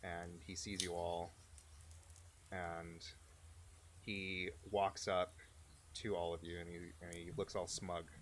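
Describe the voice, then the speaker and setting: A man's voice: deep voice, little pitch movement, slow, pauses often, fairly bright tone, slight background noise. A man narrating a tabletop game as game master, hesitant and full of fillers.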